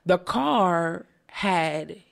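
Low-voiced woman telling animated stories. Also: drawn-out words, vocal fry. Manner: animated storyteller who acts out other people's voices. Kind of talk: casual chat.

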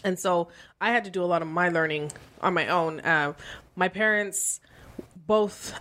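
A woman from Canada talking casually about money on a podcast, emphatic and animated, with slang. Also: fairly low pitch, moderate pace. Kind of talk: casual chat.

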